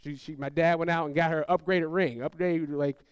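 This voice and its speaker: A man's voice: fairly high pitch, brisk, clean tone, no echo, studio quality. A man preaching a sermon to his congregation, telling family stories and acting out the people in them. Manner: animated, acts out family quotes in raised voices; addresses congregation, asks them to call out. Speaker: pastor. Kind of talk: sermon storytelling.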